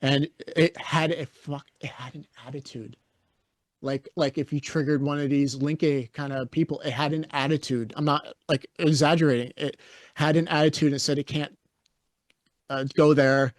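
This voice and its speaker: A man's voice: on the high side, fairly even intonation, moderate pace, no echo, clean studio sound. A man co-hosting a podcast, chatting casually and telling stories in a blunt, opinionated way. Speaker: podcast co-host.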